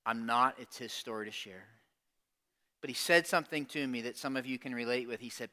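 A man's voice: medium pitch, a little fast, pushed and bright. A male pastor preaching a sermon with emphatic call-and-response, putting direct questions to his congregation.

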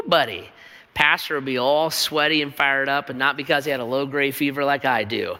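A man's voice: mid-range voice, moderate pace, bright, forceful tone, in a large hall. A man pastor preaching a sermon in a church, with an emphatic, repetitive rhetorical cadence.

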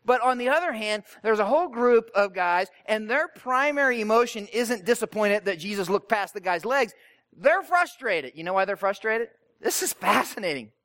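A man's voice: high-pitched, expressive, moderate pace, fairly bright tone. A male pastor preaching a sermon in a conversational way, asking rhetorical questions and often checking in with "right?".

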